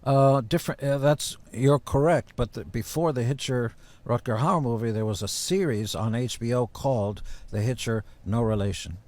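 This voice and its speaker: A man as a podcast guest telling casual stories in a blunt, profane, deadpan-boasting way. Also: medium pitch, normal speed, hardly any pauses. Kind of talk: casual storytelling.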